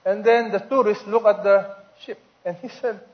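High-voiced pastor preaching. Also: male voice, steady tone, moderate pace, lo-fi sound. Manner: preacher asking the congregation questions, stretching key words. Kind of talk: sermon.

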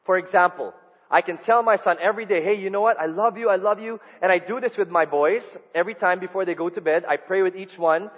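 A middle-aged male pastor, his voice sitting high for a man. He preaches in an animated storytelling way, dropping to a hush for tender quoted lines. The sound is muffled and carries a long hall echo. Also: fast talker. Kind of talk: sermon.

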